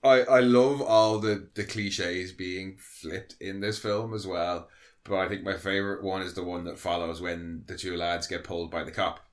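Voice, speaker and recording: A man's voice: deep voice, steady tone, moderate pace. A man co-hosting a casual film review podcast, enthusiastic and laughing often. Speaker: podcast co-host.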